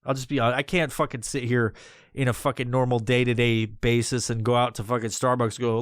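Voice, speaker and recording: A man's voice: medium pitch, normal speed, a bit bright, smooth, dry recording, studio quality. A man hosting his own podcast alone, rambling off the cuff in a casual, heavily profane monologue. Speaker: podcast host.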